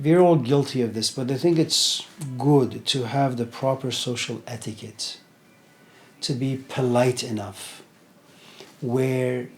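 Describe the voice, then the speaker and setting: Conversational man giving a lecture. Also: mid-range voice. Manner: conversational, many fillers like "you know". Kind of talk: informal lecture, retelling a story.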